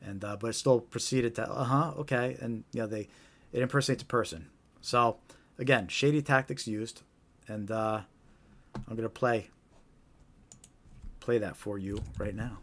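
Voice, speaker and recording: A man's voice: fairly low pitch, moderate pace, long pauses. A man hosting a live stream, talking casually and often asking "right?". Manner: casual, repetitive, tag questions. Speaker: host.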